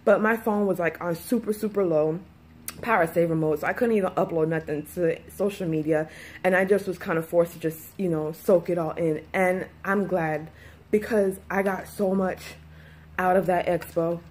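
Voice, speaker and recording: A woman's voice: on the low side, fairly even intonation, moderate pace, a little mellow. A woman vlogging in a candid, rambling personal way, with many fillers and restarts, sometimes close to tears. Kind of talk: casual personal vlog talk.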